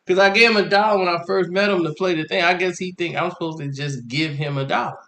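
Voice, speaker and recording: A young man telling a comic dating story in a slangy, animated way, laughing often. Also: high voice, fast. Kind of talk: comedic storytelling. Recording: echoey room.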